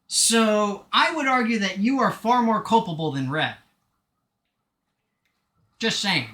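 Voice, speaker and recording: A man giving chatty, self-mocking commentary as he plays a game. His voice is bright and animated, with a lively up-and-down lilt, and it rings a little in a roomy space. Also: high voice, a little slow. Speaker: streamer. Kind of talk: casual gameplay commentary.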